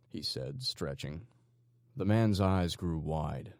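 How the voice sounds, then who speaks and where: A man narrating an audiobook in an expressive, storytelling way. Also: low-pitched, takes it slowly, no room sound, clean studio sound. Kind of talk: scripted narration.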